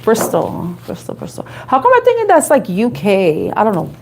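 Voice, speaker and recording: A woman from the Bronx with a New York accent, chatting and thinking out loud as she gives a live tarot reading to viewers. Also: a little high, huge pitch swings, moderate pace, a little hiss or hum. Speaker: tarot reader.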